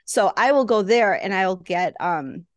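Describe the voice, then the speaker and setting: A woman guest in casual chat, telling relaxed stories with light laughs. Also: medium pitch, unhurried, dry recording.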